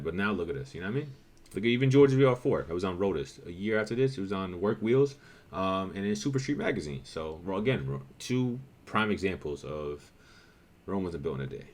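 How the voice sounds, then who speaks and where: A man's voice: deep voice, a little mellow, a little hiss or hum. A man in his thirties, recording a casual reaction vlog outdoors. He swears a lot and swings between frustration and hype as he reacts to old footage. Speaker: car show organizer reacting to old footage.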